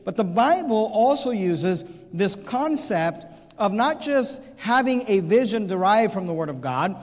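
Man, pastor, earnest sermon, emphatic repetition, fairly high voice, long hall reverb. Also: very animated, measured pace, a little mellow. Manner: earnest, emphatic, repeats key phrases.

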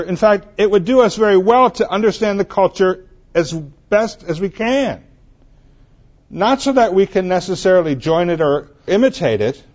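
A man delivers a sermon in an easy, conversational way, weaving personal stories in among the scripture. His voice sits a little higher than most men's. The recording sounds dull and lo-fi. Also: a little mellow. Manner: conversational preaching with anecdotes. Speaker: preacher.

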